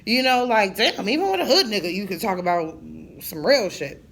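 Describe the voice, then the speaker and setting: A woman's voice: mid-range voice, very animated, moderate pace, a bit bright, slight background noise. A woman in her thirties venting in a casual monologue, blunt and profane, telling her story with jokes. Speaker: vlogger.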